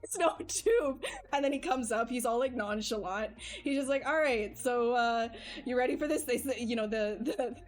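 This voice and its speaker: High-voiced woman telling a story. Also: normal speed, faint music behind. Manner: animated storytelling, frequent laughing, filler-heavy. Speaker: livestream artist. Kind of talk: casual chat while streaming.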